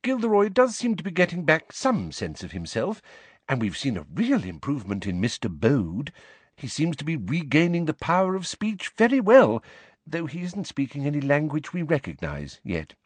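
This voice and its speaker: A man voicing a fussy, motherly middle-aged female healer who coos and speaks softly. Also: fairly high pitch, huge pitch swings, moderate pace, slightly rough, no echo, voice pushed up, heavily acted. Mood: hushed. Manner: cooing, soft, fond.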